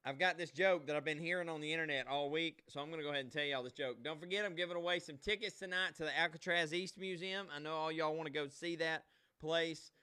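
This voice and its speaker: Man, livestream host, folksy casual chat, slightly high voice, crisp. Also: quick pace, bright, forceful tone. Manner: chatty, folksy, talks straight to viewers. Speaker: host of a live online show.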